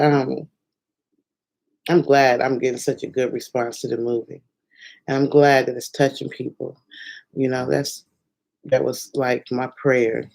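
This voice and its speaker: A woman chatting excitedly on her first livestream from home at night, rambling and laughing, with sudden bursts of squealing joy. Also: rumbling low, creaky, rough recording. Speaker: filmmaker and singer doing her first livestream. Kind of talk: casual excited livestream chat.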